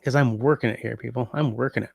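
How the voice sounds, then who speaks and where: A man hosts a relaxed livestream, chatting with viewers and musing over how to put phrases into French. His voice has a gravelly edge. The sound is close and dry, with no room around it. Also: medium pitch, fast, no room sound. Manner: muses aloud, trying out French translations. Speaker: livestream host. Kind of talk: casual livestream chat reading comments.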